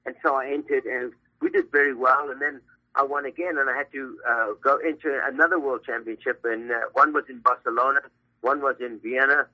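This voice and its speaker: A man's voice: medium pitch, fairly even intonation, fairly quick, pushed and bright. An older man with a South African accent, calling in as a guest, chatty and a bit boastful, rambling with fillers. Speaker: guest, hair stylist and brand CEO. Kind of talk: phone-in interview. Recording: tinny phone line.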